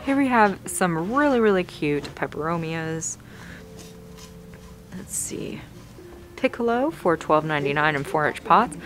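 A woman's voice: fairly low pitch, measured pace, long pauses. A young woman vlogging casually while she shops in a plant nursery, gushing over what she finds. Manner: gushing, excitable, narrating as she browses. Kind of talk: casual shopping vlog narration.

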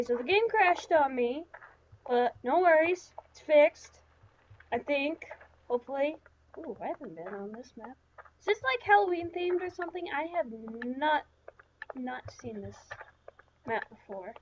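A woman's voice: sits high, lively intonation, unhurried, dull audio, slight background noise. A woman giving chatty, rambling let's-play commentary, talking to herself with lots of fillers. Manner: rambling, chatty self-talk with many fillers. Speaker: gaming channel host.

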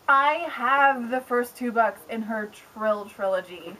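A young woman book blogger chatting casually on camera at home, excitable and rambling, with lots of "like". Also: a little high, takes it slowly, hardly any pauses, low-quality recording. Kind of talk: casual vlog chat. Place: home with pets around.

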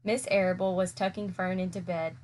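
A woman teacher reading a children's chapter book aloud in a steady, clear storytelling manner. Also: lowish voice, fairly quick.

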